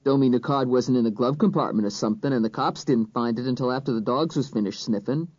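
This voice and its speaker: An audiobook narrator voicing a crude, sarcastic middle-aged male cop in a lower, rougher voice. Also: quick pace, a little mellow, dry recording, close to an everyday voice. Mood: skeptical. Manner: blunt, sarcastic, slangy. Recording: dull, dry recording.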